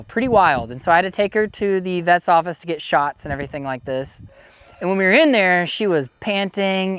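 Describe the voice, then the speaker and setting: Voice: medium pitch, background noise. Easygoing dog trainer explaining canine cues. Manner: easygoing, explanatory, frequent "you know". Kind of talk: casual instructional talk.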